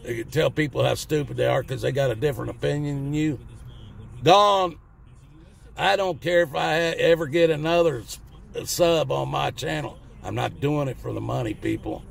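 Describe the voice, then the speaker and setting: Gravelly fired-up Southern man ranting. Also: mid-range voice, a little hiss or hum. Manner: blunt, folksy, fired-up ranting with cussing. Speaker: channel host. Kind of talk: ranting opinion monologue to camera.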